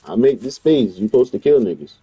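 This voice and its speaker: A man giving casual, profane gaming commentary on stream, with animated, incredulous outbursts. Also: mid-range voice, quick pace, breathy edge, no room sound, rough recording.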